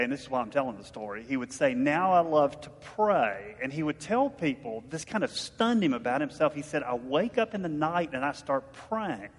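A man preaches a sermon, talking with his listeners and asking them questions, and he tells stories as he goes. His voice sits a bit above the usual male range. It rings with the long reverb of a large hall. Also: fairly high pitch. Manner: conversational preaching with rhetorical questions and storytelling. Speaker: pastor.

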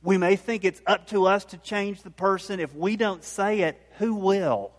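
A man's voice: high voice, normal speed. Man preaching in a reverberant hall. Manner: conversational, animated retelling with repeated restarts. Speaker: pastor. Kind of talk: sermon.

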